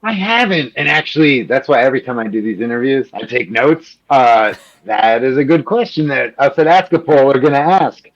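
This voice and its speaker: A man from Chicago, a journalist answering interview questions in an animated, quick way, full of "like" and little acted-out quotes. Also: mid-range voice. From Chicago, Illinois. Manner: animated, quick, peppered with "like", acts out quoted politicians. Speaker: journalist guest. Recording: slightly muffled lo-fi audio.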